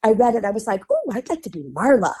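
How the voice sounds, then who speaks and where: A woman from Chicago with a Midwestern accent, a guest on a podcast, telling chatty and animated stories, laughing often and acting out the voices of people she quotes. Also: a little high, fast, slightly rough. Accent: Midwestern American. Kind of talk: casual interview storytelling.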